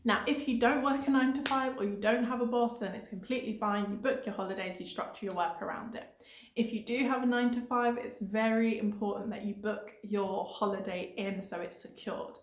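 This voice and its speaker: A young woman, a travel vlogger, gives budget tips in a bright, fairly high voice. She talks emphatically and motivationally, hammering her points home by repeating them. The room around her rings with a noticeable echo. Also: fairly even intonation, fairly quick, slight background noise. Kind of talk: energetic budget travel advice. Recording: echoey room.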